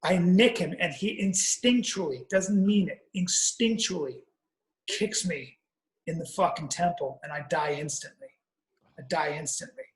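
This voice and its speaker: A man's voice: fairly high pitch, a little slow, roomy sound, low-quality recording. A man telling a rambling, profane comic story on a podcast, with frequent restarts. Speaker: podcast guest or co-host.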